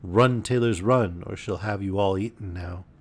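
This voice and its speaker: A man's voice: sits low, normal speed, husky. A man doing tiny singing mice. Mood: singsong. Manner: sing-song, chanting.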